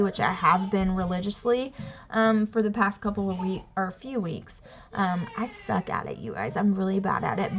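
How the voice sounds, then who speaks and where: A woman's voice: mid-range voice, slight background noise. A young woman with a Southern Alabama accent, chatting casually to her vlog camera at home with lots of fillers. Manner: chatty, rambling, says y'all and like a lot. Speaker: family vlogger. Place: home, near kids in the bath.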